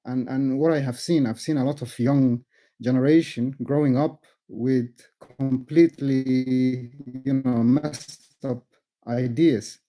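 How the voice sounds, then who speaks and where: A man speaking in a group discussion, measured and thoughtful, with many fillers and repeated words. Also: medium pitch, steady tone, warm tone, poor audio. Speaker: speaker in a live audio discussion.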